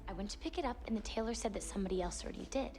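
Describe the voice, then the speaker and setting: A woman's voice: mid-range voice, very fast, darkish tone, natural voice. An actress playing an indignant, bossy young woman vampire in a TV drama, with music beneath. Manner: indignant, snappy.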